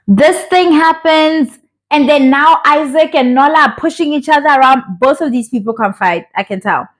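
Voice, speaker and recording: A young woman from South Africa with a sore throat, chatting in an animated, opinionated way as she reviews a reality show. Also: sits high, normal speed. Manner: animated and opinionated, acts out the cast members' voices. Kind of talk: casual chat, reviewing a show.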